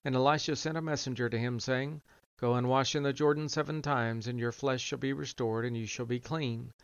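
Male scripture reader, resonant and steady, dry close recording. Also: mid-range voice, clear, resonant tone, no room sound, lo-fi sound. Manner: even, measured reading with little change between quoted voices.

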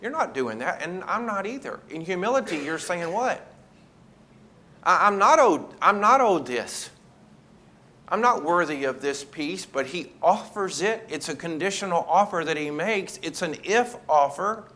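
A man's voice: on the high side, animated, normal speed, few pauses, a bit bright. A man leading a Bible study, teaching in a conversational way and asking the group questions.

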